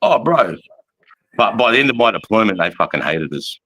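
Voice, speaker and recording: A man's voice: lowish voice, big pitch swings, a little fast, pushed and bright, poor audio. A man in his forties with an Australian accent, an army veteran telling war stories in casual chat, rambling and swearing constantly with plenty of "mate" and "bro". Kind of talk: casual storytelling.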